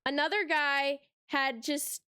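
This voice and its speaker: High-voiced sarcastic young woman ranting. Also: steady tone, slow pace, bright, forceful tone, no echo, clean studio sound. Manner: sarcastic, exasperated, rhetorical questions. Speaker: reaction channel host. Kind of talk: casual rant to camera.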